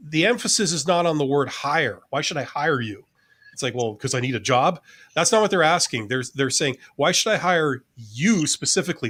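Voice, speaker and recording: A man's voice: medium pitch, fairly bright tone. A man, a former CEO and hiring manager, co-hosting a live-stream career Q&A in a loose, conversational way, often repeating words as he thinks.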